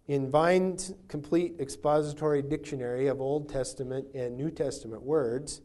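A man preaching a sermon, teaching through a passage verse by verse and explaining what the words mean, slowing down to stress key words. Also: medium pitch, warm tone. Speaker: pastor.

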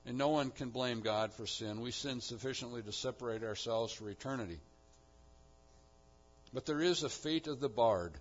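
A man delivering a sermon, dropping to quiet explanation and then rising to loud, emphatic peaks. His voice sits at an ordinary middle pitch. The recording sounds dull and lo-fi. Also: moderate pace. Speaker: pastor.

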